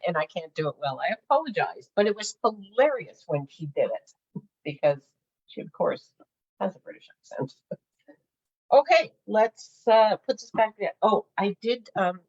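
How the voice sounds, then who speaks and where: A middle-aged woman demonstrating a craft project in casual chat, laughing often and filling pauses with "uh.". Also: mid-range voice, highs cut off. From Canada. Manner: chatty, laughs often, many fillers. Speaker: craft instructor.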